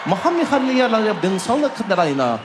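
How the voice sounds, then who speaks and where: A man's voice: sits high, big pitch swings, a little fast, a crowd in the background, background noise. Man putting on a pompous singsong safety-video announcer. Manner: exaggerated, swooping singsong delivery.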